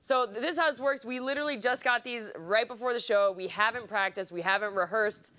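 Woman, music show host, bubbly, chatty, self-deprecating, bright forceful tone, studio mic. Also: fairly high pitch, fairly quick. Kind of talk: casual interview chat. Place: studio, for a live web broadcast. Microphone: studio microphone.

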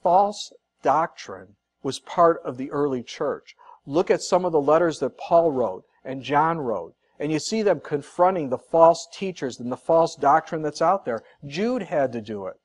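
A man's voice: fairly high pitch, lively intonation, unhurried. A man preaching a sermon as pastor, earnest and conversational, repeating points for emphasis with casual asides.

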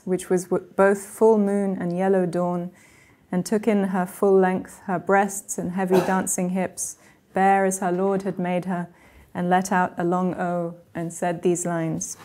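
A woman reading a translated old tale aloud at a university workshop, with a measured, even delivery. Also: lowish voice. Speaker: reader of her own translation.

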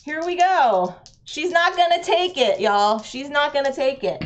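A woman's voice: sits high, animated, a little slow. A woman, chatting with viewers while playing a roll-and-write game on a live stream, laughing often.

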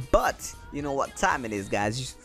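A young man hosting his gaming channel, giving excited gameplay commentary, yelping, laughing and repeating words as he plays. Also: mid-range voice, unhurried. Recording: faint game music behind.

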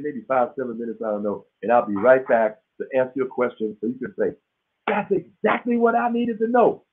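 A man with a mid-range voice and a breathy edge hosts a live business webinar teaching business credit, his throat sounding dry. He's casual, folksy, and emphatic, often checking in with listeners, and the webinar call audio sounds tinny and phone-like.

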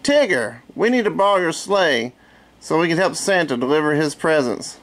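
A man doing a small, high-pitched timid piglet. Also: animated, moderate pace, a bit bright. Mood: anxious.

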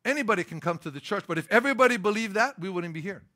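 Middle-aged guy pastor preaching hard, kinda high voice, punchy emphatic delivery. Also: animated, very fast, bright, forceful tone. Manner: emphatic preaching with rising, stressed lines and storytelling asides. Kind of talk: sermon.

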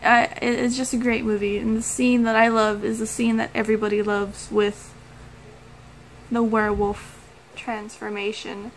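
A woman's voice: fairly high pitch, flat delivery, moderate pace, slight background noise, rough recording. Gushing woman vlogger chatting about films. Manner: gushing, enthusiastic, laughs often. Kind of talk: casual movie-review chat.

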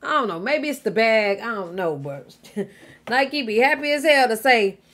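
Woman commentator, high voice swooping all over, blunt and exasperated. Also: expressive, normal speed, a bit bright. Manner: blunt, exasperated, swearing freely. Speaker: reaction channel host. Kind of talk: casual commentary.

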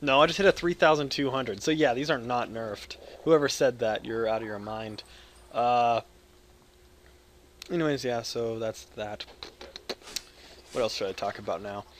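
A man from the United States giving rambling gameplay commentary, loud and jokey with crude humor, swinging between yelling and mumbling. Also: mid-range voice, moderate pace, pauses often, slight background noise. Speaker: gaming video creator.

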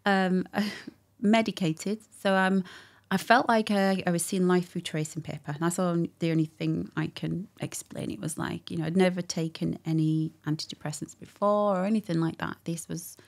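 A woman's voice: lowish voice, moderate pace, gravelly, few pauses. A woman, a guest candidly telling a personal story with laughter and quoted dialogue. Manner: warm, laughing, animated retelling with quoted dialogue.

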